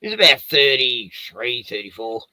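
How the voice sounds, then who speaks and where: A man's voice: mid-range voice, sing-song, moderate pace, sharp tone, dry recording, rough recording. A middle-aged man hosting a late-night livestream, chatting casually, rambling with restarts, swearing and laughing often. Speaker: livestream host.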